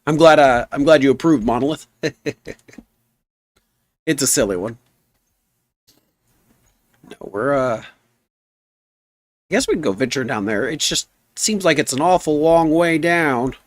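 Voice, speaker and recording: A man streaming a game live, chatting in an easygoing, rambling way and reading his chat aloud, with a rough voice. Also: on the high side, a little slow, long pauses, no echo. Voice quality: rough, gnarly voice.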